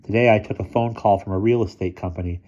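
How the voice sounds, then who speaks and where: A man's voice: fairly low pitch, fairly even intonation, fast talker, warm tone, lo-fi sound, lightly acted. A man voicing a nervous teenage schoolboy who brings bad news hesitantly.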